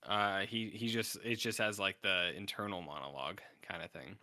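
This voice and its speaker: A man's voice: fairly low pitch, steady tone, normal speed, pushed and bright, no room sound, clean studio sound. A young man co-hosting a podcast, casually retelling a film and acting out its lines. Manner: rambling retelling with acted-out quotes. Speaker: podcast co-host. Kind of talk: casual film review chat.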